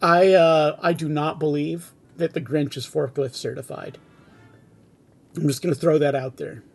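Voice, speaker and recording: A man's voice: on the high side, steady tone, moderate pace, creaky, faint music behind. A man reading a comic script aloud with wry asides. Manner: wry asides between read lines. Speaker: reader and narrator.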